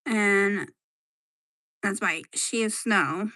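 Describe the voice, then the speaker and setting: A woman chatting casually on a livestream at home while showing her pets, soft-spoken, sighing often and slipping into whispers. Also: mid-range voice, very slow, dry recording, clean studio sound.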